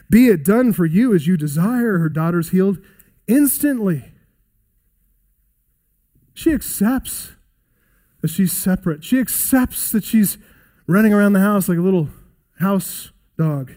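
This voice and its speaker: A man preaching a sermon in an earnest, emphatic way, slowing down to stress key lines and quoting scripture aloud. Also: high voice, expressive, warm tone.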